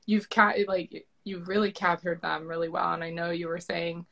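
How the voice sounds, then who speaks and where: A woman's voice: lowish voice, fairly even intonation, normal speed, gravelly, a bit bright, rough recording. A woman author interviewing her narrator in casual chat, effusive and gushing, with many fillers and restarts.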